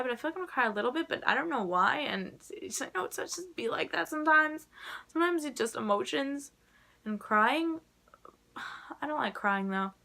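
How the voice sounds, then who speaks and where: Young woman vlogger, rambling casual chat, bright and forceful tone with some vocal fry. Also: fairly high pitch. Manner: rambling, chatty, full of "like" fillers.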